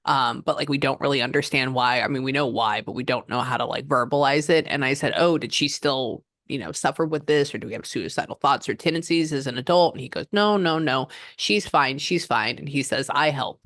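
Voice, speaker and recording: A woman working as a psychic medium, giving a client a reading and passing on messages in an animated, chatty way. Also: extremely low pitch, fairly quick, hardly any pauses, dry recording, studio quality. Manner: animated, relays messages in quotes, frequent "hold on".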